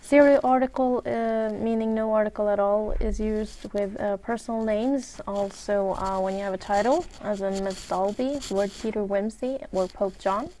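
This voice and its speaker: A woman's voice: mid-range voice, steady tone, dark tone. Swedish woman teaching English grammar. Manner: measured, lists examples one by one, frequent "uh" fillers. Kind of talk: recorded grammar lesson.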